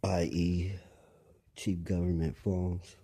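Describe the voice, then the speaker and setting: A man's voice: low-pitched, flat delivery, slow pace, mellow, husky. A man delivering a rambling monologue, lecturing listeners, repeating phrases and asking them pointed questions.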